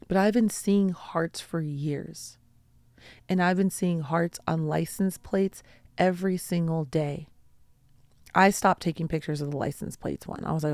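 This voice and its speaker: A woman hosts her own show and tells personal stories with earnest, heartfelt sincerity. Her voice sits a little low and carries a gravelly, fry-tinged texture. She speaks slowly and deliberately, and the sound is close and dry. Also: a little mellow, dry recording. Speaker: podcast host. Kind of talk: personal storytelling talk.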